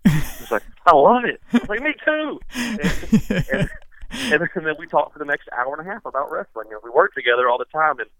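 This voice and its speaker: Southern guy rambling thru excited stories, sharp bright voice, dry sound. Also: on the high side, fast talker, dry recording, low-quality recording. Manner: rambling, animated storytelling with many restarts. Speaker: podcast guest. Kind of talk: casual chat.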